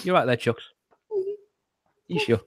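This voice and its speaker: A man's voice: medium pitch, expressive, unhurried, no room sound, clean studio sound. A man hosting a casual chat show over a video call, rambling, swearing and laughing at his own jokes. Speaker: host.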